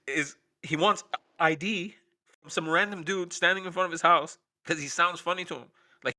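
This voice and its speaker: A man's voice: high voice, normal speed, sharp tone, slight background noise. A man hosting a late-night stream, ranting in a profane, sarcastic, rambling way. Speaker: stream host. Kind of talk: casual ranting chat.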